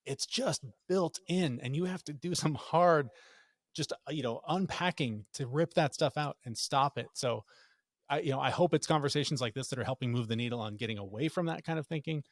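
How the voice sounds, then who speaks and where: A man's voice: on the high side, a little fast, no room sound, studio quality. A middle-aged man, a podcast guest, telling a family story in casual talk and acting out the quotes. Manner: animated, acts out quotes in raised voice.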